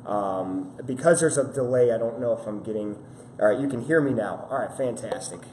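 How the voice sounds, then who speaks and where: A man's voice: fairly low pitch, a little fast, darkish tone. A man hosting a live fitness stream, chatting casually and apologetically while greeting viewers, recorded through a camera mic. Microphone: camera-mounted mic. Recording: roomy echo with faint ambient noise.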